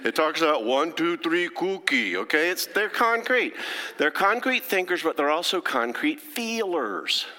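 Speaking a little slowly, a middle-aged man who is a therapist lectures an audience in a chatty, folksy style and keeps checking in with them. His slightly high voice has a sharp tone and big pitch swings, with a long hall reverb.

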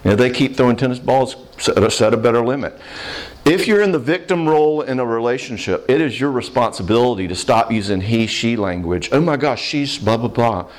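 A man answers questions from a live audience as a counselor. His voice sits at a middle pitch, and his delivery is plainspoken and animated. He slips into short acted-out voices now and then. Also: brisk.

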